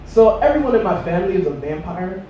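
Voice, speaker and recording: A young man doing stand-up comedy, rambling through a self-mocking story with a high, animated voice that swings around. He sounds mellow in tone, and he is picked up from a distance in a very echoey room. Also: fast, highs cut off, slight background noise.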